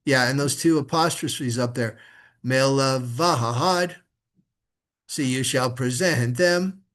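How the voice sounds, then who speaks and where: A man's voice: mid-range voice, fairly bright tone. A man teaching a student to chant Hebrew scripture, patiently modeling each word for her to repeat. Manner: patient, slow, models words for repetition. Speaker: rabbi teaching Torah reading. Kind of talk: one-on-one lesson on chanting.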